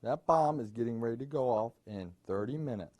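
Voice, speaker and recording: A man's voice: mid-range voice, expressive, fairly quick, a little mellow, voice pushed down, natural voice. A man playing a curt, menacing bomb caller. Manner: curt, withholding. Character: menacing adult male bomb-threat caller.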